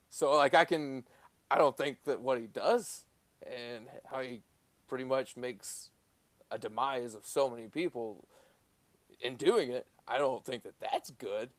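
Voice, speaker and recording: A man's voice: medium pitch, unhurried, no room sound. A man with a Southern accent, an actor talking earnestly in casual chat, often restarting his sentences. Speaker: actor, guest.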